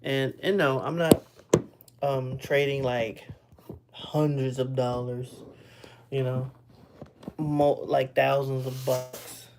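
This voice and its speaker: A man's voice: medium pitch, little pitch movement, takes it slowly, long pauses, a little mellow, slight background noise. A tired man in his thirties chatting casually on a live stream at home. He rambles and corrects himself, yawning now and then. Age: 30s. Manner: rambling, self-correcting, laid-back. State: sleepy, yawning. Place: home computer room.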